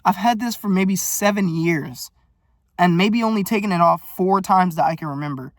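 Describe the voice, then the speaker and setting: A man's voice: high voice, normal speed, no room sound, studio quality. A young man venting in a casual, profane, blunt monologue to camera, ranting about money and frustration. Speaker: vlogger.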